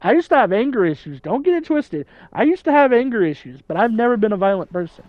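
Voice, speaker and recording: A young gaming channel host in his twenties speaks fast in a high voice full of big pitch swings, casually chatting over gameplay. He rambles and laughs at his own jokes; the recording is dull, with no room sound.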